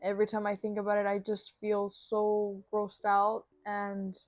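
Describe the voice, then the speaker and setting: A woman's voice: medium pitch, monotone, a little slow, a little mellow, no room sound. A young woman tells a work story in a casual, blunt and profane way, with many fillers. The recording is dry and close. Faint music plays underneath. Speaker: vlogger.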